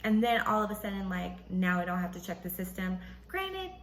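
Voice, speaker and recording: A woman hosting a podcast, casually telling a personal story and acting out what others said in a higher voice. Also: a little fast, reverberant, slight background noise, low-quality recording. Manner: animated, acts out quotes in a high voice, laughs often. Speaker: podcast host.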